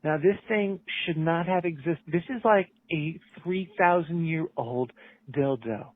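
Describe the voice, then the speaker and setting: A man voicing a crude, brash woman caller who is hoarse and wheezy. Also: on the high side, unhurried, dry recording. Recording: tinny phone voicemail.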